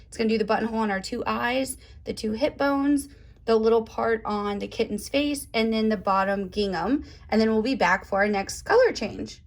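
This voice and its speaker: A woman's voice: a little high, normal speed. A woman hosting a chatty step-by-step embroidery tutorial, cheerful and gushing, laughing often.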